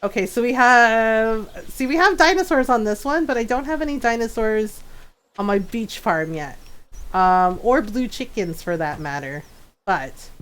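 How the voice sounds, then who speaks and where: A woman's voice: fairly high pitch, lively intonation, normal speed, a bit bright. A middle-aged woman streaming a game, chatting casually and telling a rambling story with frequent laughter. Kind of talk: casual chat while gaming.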